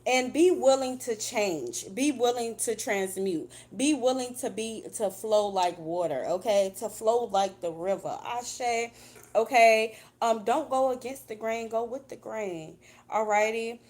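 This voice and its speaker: A woman's voice: on the high side, unhurried, a little mellow. A woman doing a casual tarot reading for her viewers, chatty and blunt, swearing freely and calling them "baby.". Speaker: tarot reader.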